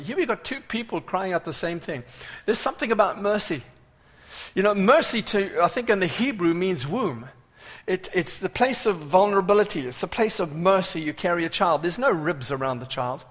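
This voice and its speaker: A male preacher delivers an animated sermon, bursting into loud cries and then dropping to hushed asides. His voice sits a little high, and a long hall reverb trails every phrase. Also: normal speed.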